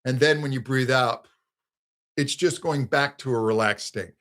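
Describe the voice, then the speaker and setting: A man's voice: mid-range voice, unhurried, a bit bright. A man teaching singing in a live question-and-answer session, explaining with restarts and breaking into sung exercises. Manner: thoughtful, restarts phrases.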